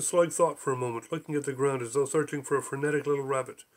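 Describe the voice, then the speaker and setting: A man's voice: mid-range voice, fairly even intonation, quick pace. A man reading his own absurd story aloud, slipping in small voices for its many odd creatures. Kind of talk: audiobook narration.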